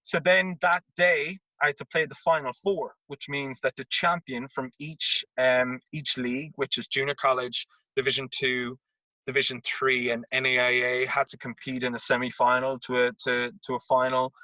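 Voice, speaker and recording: A man, a tennis coach telling an animated anecdote as an interview guest and acting out the voices in it. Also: mid-range voice, normal speed, no echo. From Ireland. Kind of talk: casual storytelling. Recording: dull lo-fi remote audio.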